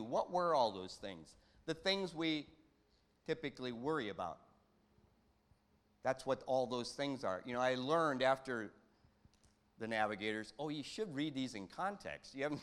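A man preaching a sermon in a conversational way, quoting scripture and swinging his pitch and volume. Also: a bit bright. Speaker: pastor.

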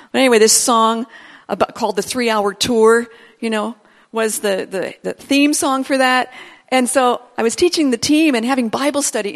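A woman preacher giving a conversational sermon, acting out inner voices and repeating phrases for emphasis. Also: on the high side. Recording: long hall reverb.

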